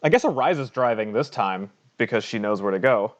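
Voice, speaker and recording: A man's voice: on the low side, lively intonation, a little fast. A man narrating a tabletop game as game master, chatty and hesitant, often laughing. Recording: dull lo-fi mic.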